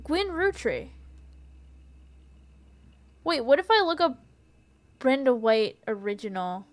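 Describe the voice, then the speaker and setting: Woman, game streamer, giggly, chatty, reads text aloud, higher pitch, desk mic. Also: big pitch swings, slow pace. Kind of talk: casual let's-play commentary. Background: faint background music.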